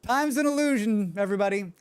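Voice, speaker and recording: A man's voice: high-pitched, quick pace, clean tone, dry recording. A man streaming a game, chatting with his viewers in a joking, rambling way and humming to himself. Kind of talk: casual livestream chat.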